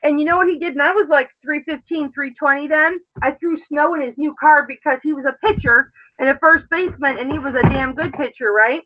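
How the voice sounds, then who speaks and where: A woman's voice: sits high, a little fast, few pauses. A woman hosting a live show, telling stories in a brash, profane, casual way. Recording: dull lo-fi sound.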